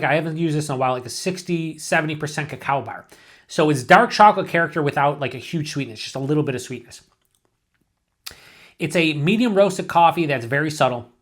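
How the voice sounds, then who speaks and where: A man talks through a beer review in a casual, thinking-aloud way, circling back and restarting his sentences. His voice sits a little above the usual pitch for a man. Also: a bit bright.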